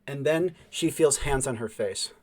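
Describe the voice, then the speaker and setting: A man running a tabletop role-playing game as game master, describing scenes with fillers and hushed dramatic drops. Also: mid-range voice, measured pace.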